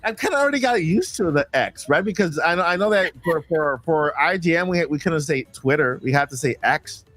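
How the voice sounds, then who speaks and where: A stream host from Florida rambles through a casual chat, repeating words and restarting sentences haltingly. His voice is a little high, expressive, and a bit bright.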